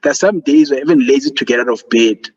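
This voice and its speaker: A man speaks quickly in a mid-range voice that is husky yet a little mellow, presenting an online student seminar meant to motivate. His manner is earnest and encouraging with plenty of fillers, and the video-call audio is dull and lo-fi.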